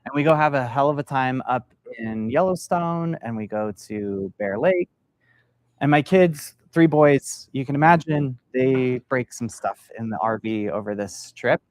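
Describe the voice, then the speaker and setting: His voice medium-pitched, animated and unhurried, a middle-aged sales mentor tells a story and quizzes the room during a live workshop for business founders. He's speaking to an audience in a meeting room, with no room sound captured.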